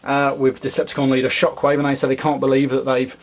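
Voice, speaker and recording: A man's voice: mid-range voice, completely flat delivery, quick pace, lo-fi sound. Man rambling through a comic review. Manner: rambling, with fillers and asides. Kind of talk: casual video review.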